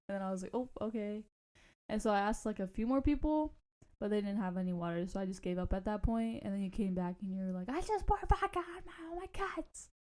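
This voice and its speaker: A woman's voice: medium pitch, dark tone, clean tone. A young woman co-hosting a podcast, chatting in a laid-back way with casual slang. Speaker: podcast co-host. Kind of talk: casual chat.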